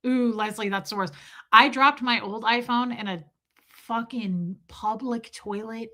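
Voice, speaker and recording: A woman's voice: fairly high pitch, unhurried, pushed and bright. A woman hosting a livestream, chatting casually and profanely as she tells jokey stories and reacts to chat. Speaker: livestream host reading chat.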